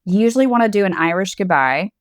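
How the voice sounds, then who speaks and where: A woman's voice: mid-range voice, lively intonation, quick pace, no echo, studio quality. A woman co-hosting a podcast in casual chat, candid and playful, often laughing. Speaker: podcast co-host.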